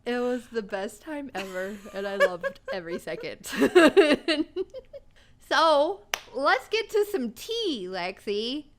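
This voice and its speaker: A young woman co-hosting a podcast, telling stories in casual chat, swearing freely and breaking into loud laughter between lines. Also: on the high side, sing-song, a little slow, hardly any pauses. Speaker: podcast co-host.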